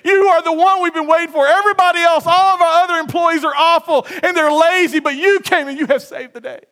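Man doing a gushing boss, high-pitched, fawning, eager, syrupy. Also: steady tone, quick pace, pushed and bright. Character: gushing, flattering male employer.

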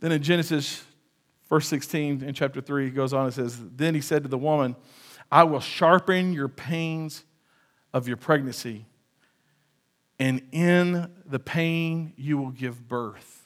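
An animated male pastor preaching a sermon, his voice sitting a little high for a man. He breaks into shouted quotes and jokes to his listeners between verses. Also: a little slow.

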